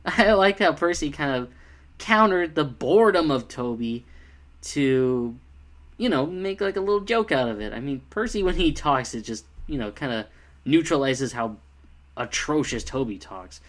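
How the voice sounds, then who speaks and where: A man's voice: fairly high pitch, animated, a little slow. A man giving a casual spoken review of a fan film, rambling and critical with many fillers.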